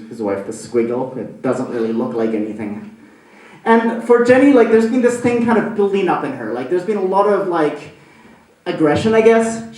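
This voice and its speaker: A man doing stand-up, telling a story in a rambling, animated way with plenty of fillers. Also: fairly high pitch. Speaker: stand-up comedian. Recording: echoey room from a distant mic.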